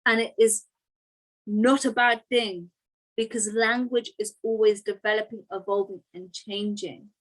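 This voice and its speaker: A woman's voice: medium pitch, fairly even intonation, a little slow, rough recording. A woman teaching an online grammar lesson, explaining step by step and checking in with "right?" and "okay".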